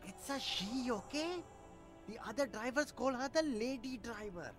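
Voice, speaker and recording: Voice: medium pitch, expressive, moderate pace, music in the background, natural voice. A voice actor playing a defensive, boastful street vendor in a video game who keeps dodging questions with rambling denials. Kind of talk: game voice acting.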